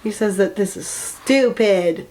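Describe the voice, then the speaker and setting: A woman's voice: mid-range voice, darkish tone, slight background noise. A woman giving a casual, sarcastic book review, swearing freely and mocking the story as she retells it. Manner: sarcastic, profane and quick to mock.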